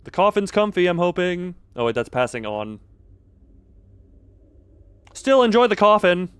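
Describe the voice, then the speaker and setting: A man's voice: high-pitched, sing-song, measured pace, clear, resonant tone, no room sound. A man streaming a game, chatting casually with viewers in a jokey, rambling way and reading dialogue aloud. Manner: jokey and rambling, with playful repeated bits.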